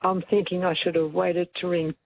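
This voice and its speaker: A woman's voice: fairly low pitch, level tone, moderate pace, vocal fry, narrow, tinny audio, a little hiss or hum. A woman calling in to a radio show on speakerphone, hesitant and flustered, laughing between her words. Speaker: caller. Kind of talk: phone-in chat. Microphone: speakerphone on a phone line.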